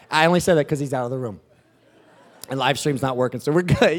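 A man preaching a sermon in an animated, joking, storytelling manner. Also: on the high side, a little fast.

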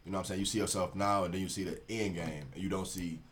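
A man's voice: low-pitched, fairly even intonation, rapid-fire, over a noisy crowd. A young man, a show creator, talking casually as a podcast guest, laid-back and filling his speech with "you feel me".

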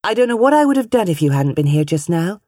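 A woman reading an audiobook, voicing a shy but eager young woman who gardens, with a bright, friendly manner. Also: on the low side, very animated, fast, no echo, studio quality, voice pushed up.

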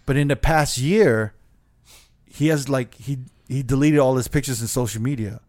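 A man's voice: medium pitch, moderate pace. Laid-back man telling a story. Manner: relaxed, profane, storytelling with lots of "like". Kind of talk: casual chat.

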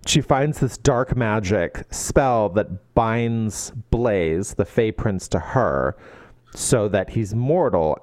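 A man's voice: lowish voice, a little mellow, no echo, clean studio sound. A man co-hosting a casual book chat, wry and exasperated as he recaps a plot, swearing casually. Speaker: book podcast co-host.

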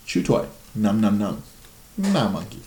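A man's voice: fairly low pitch, sing-song, moderate pace, mellow, reverberant, a little hiss or hum. A man putting on the voice of a stubborn, skeptical one-year-old boy who scolds his dad bluntly. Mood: scolding. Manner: blunt, scolding, insists on chaos.

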